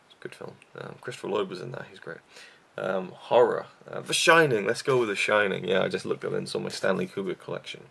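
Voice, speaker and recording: A young man, apparently a YouTube reviewer, talks casually in a vlog about his favorite films, rambling and poking fun at himself with plenty of fillers and restarts. His voice is low, husky and creaky with a sharp edge, and he speaks quickly with few pauses.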